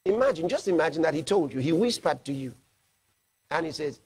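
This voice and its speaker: A man, a pastor, preaching a sermon with emphasis and slowing down to read scripture aloud. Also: on the high side, expressive, a little mellow, breathy edge.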